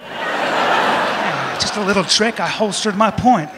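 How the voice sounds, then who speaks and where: A man performing stand-up comedy in a club, talking in a high, lively voice and often shouting as he acts out his bits. The live recording carries clear crowd noise and audience laughter. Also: takes it slowly. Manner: loud, animated, jokey, acts out bits.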